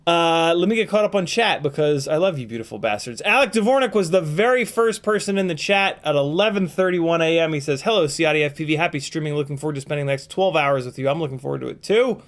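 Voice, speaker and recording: A man's voice: a little high, animated, fast talker, few pauses. Tired-voiced man hosting a live stream. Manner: rambling, playful, swearing, frequent ums and throat clearing. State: voice tired and strained. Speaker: livestream host. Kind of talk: casual live-stream chat, reading out viewer names.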